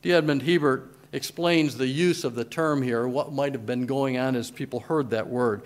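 Preaching as pastor, this man reads scripture aloud in old-fashioned language, his delivery building with emphasis. He speaks in a mid-range voice at a moderate pace.

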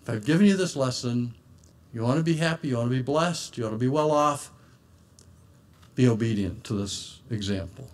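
A man's voice: mid-range voice, moderate pace. A man preaching an earnest sermon and reading scripture aloud in old-fashioned wording.

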